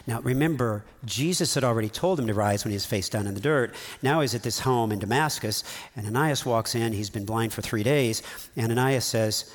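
A middle-aged man preaching a sermon at a medium pitch. He talks to his listeners in a conversational way, slipping into acted-out quotes as he teaches. His delivery is animated and plain-spoken. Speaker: pastor.

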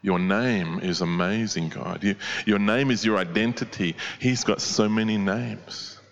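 A man's voice: lowish voice, unhurried, creaky, muffled recording. Preacher man in a reverberant hall. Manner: expository, with rhetorical questions. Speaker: pastor. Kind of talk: sermon.

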